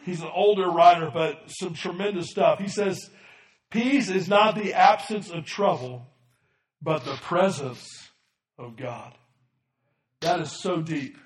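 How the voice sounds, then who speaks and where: A man with a high-pitched voice preaching in a church sanctuary, recorded from a distance with a roomy echo. He drops to quiet, low asides and then builds to shouts, calling out for amens from the congregation. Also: a little slow. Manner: swings from soft and low to shouted emphasis, calls for amens. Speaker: pastor. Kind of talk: sermon. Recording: echoey room from off the mic.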